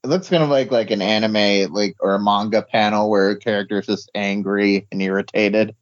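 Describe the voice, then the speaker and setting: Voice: sits low, fairly even intonation, a little fast, dull audio. A podcast guest chatting casually about comics, hesitant and full of fillers. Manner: hesitant, many fillers, laughs along. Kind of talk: casual comic book discussion.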